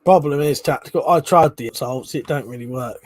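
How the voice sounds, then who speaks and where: A man's voice: mid-range voice, fairly quick, no room sound. Casual swearing man on a stream. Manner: casual, swears freely, chuckles while reading comments. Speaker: livestream host reading chat. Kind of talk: casual chat.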